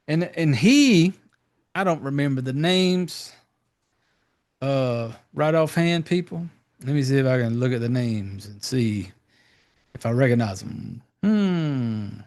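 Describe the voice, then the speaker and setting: A man's voice: mid-range voice, lively intonation, slow, darkish tone. A man hosting a podcast, recapping a horror film in a rambling, profane, loose way with lots of fillers. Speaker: podcast host. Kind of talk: casual movie recap.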